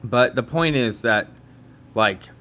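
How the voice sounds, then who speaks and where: A man's voice: mid-range voice, slow pace, sharp tone. Rambling young man from California. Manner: rambling, with many fillers and restarts. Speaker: vlogger. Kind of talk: casual storytelling monologue.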